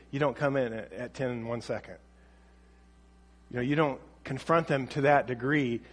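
Speaking at medium pitch with a long reverb tail, a parenting teacher delivers a casual talk, chatting with listeners and acting out quoted lines of dialogue.

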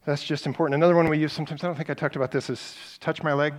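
Middle-aged male parenting teacher, somewhat high voice, conversational, hammers home key points. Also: steady tone. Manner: conversational storytelling with emphatic repeated points; acts out parent and child lines in quick snippets.

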